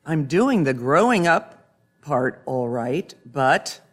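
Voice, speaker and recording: A man's voice: a little high, sing-song, takes it slowly, heavily acted. A man voicing a young, worried male rooster in a storybook, sounding fretful. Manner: anxious, fretful.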